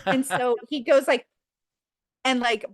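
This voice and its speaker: A woman guest on a podcast, telling stories in an animated, laughing, casual way from home. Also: high voice, a little slow, no echo. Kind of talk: casual chat.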